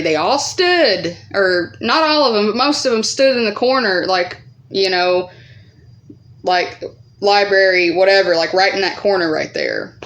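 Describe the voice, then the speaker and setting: A woman vlogger telling a story in a casual, rambling way, swearing often and using many fillers. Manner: acts out quoted voices higher and louder.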